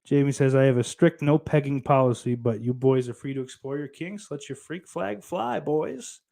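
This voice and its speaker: A man's voice: medium pitch, moderate pace, gravelly, dark tone. A man co-hosting a podcast, reading live chat comments aloud in crude casual banter, laughing often and swearing freely.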